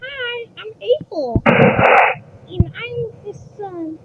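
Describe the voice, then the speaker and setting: A woman voicing a sweet, clingy little cartoon kid in a slow, drawn-out squeaky voice. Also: expressive, far from the mic, full character voice. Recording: muffled lo-fi recording, loud hiss.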